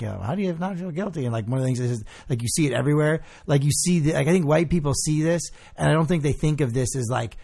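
A man co-hosting a podcast in casual chat, animated and quick, often laughing. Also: medium pitch, creaky. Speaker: podcast co-host.

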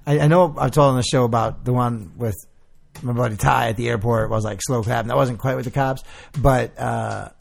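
Gravelly man telling stories animatedly. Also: medium pitch, fairly quick. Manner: animated storytelling, acts out quotes, swears freely. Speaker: podcast co-host. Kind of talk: casual chat.

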